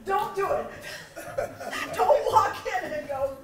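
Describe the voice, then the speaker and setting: A middle-aged woman with a very high, lively voice delivers a slow, humorous motivational keynote, acting out little scenes amid laughter. The recording is very noisy, and her voice comes from far off in the echo of a large conference hall.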